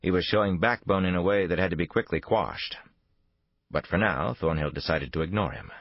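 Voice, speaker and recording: A man narrating a thriller audiobook in a measured, dramatic storytelling manner. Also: sits low, dry recording. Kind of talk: scripted narration. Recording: dull lo-fi dry recording.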